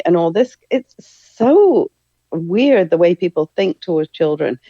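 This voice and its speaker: A woman's voice: lowish voice, lively intonation, measured pace, mellow, dry recording. A middle-aged woman, a therapist and trainer, talking enthusiastically as an interview guest and acting out quoted speech. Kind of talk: conversational interview. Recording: dull lo-fi sound.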